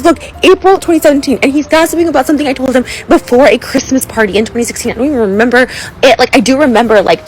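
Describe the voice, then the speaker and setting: In this emotional selfie-video rant, an influencer sounds upset and on the verge of tears, filling her rambling with fillers and abandoning sentences halfway. She speaks a little high, over slight background noise, and the recording quality is low.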